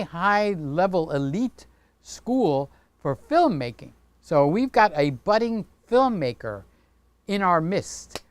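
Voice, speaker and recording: A man's voice: on the high side, smooth, no echo. A man hosting a casual livestream, chatting playfully with viewers and talking with his hands. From Greek heritage. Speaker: livestream host.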